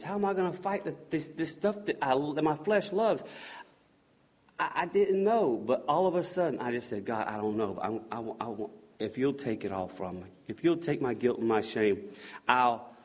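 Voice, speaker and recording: A man giving an earnest spoken faith testimony, halting and restarting his words and often dropping to a soft hush. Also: fairly high pitch, slightly rough. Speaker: speaker giving a personal testimony.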